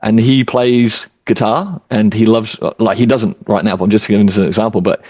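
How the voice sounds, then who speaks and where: A man hosting a casual podcast, speaking in a relaxed, reflective way and thinking aloud with the odd filler. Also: lowish voice, a little fast, husky, no echo, highs cut off. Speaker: podcast host and father.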